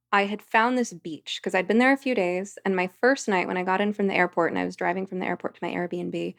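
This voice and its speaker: A woman's voice: on the low side, gravelly. A woman, a podcast guest, telling a vivid story in casual conversation. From United States.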